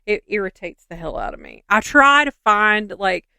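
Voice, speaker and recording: A woman's voice: medium pitch, animated, normal speed, creaky, sharp tone, smooth, no echo. A woman co-hosting a podcast, reading a local legend and then chatting skeptically in a loose, rambling way. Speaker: podcast co-host. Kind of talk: casual podcast chat and story reading.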